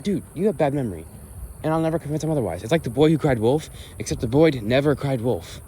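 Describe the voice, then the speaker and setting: Young man, mid-pitched voice, ranting, walk-and-talk vlog, outdoors at dusk, faint insect noise. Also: darkish tone. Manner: ranting, exasperated complaining. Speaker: vlogger.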